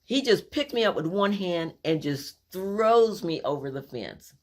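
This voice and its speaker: A woman telling a personal family story, animated and acting out the scenes as she goes. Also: lowish voice, unhurried.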